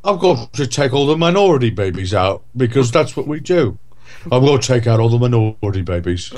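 Um homem imitando um velho astro inglês, voz arrastada. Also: male voice, medium pitch, big pitch swings, brisk, a little mellow, pitched above the performer's own voice, close to an everyday voice. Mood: mock-solemn. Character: older English male film star, drawling and genteel. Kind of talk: comic impression in casual chat.

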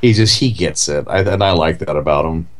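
A man's voice: deep voice, brisk. A man co-hosting a casual chat, rambling with lots of "like" and "you know". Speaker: podcast co-host.

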